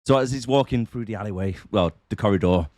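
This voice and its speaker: A man's voice: lowish voice, fast talker, a little mellow, no room sound, studio quality. A man co-hosting a casual movie review podcast, jokey and laughing often. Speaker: podcast co-host.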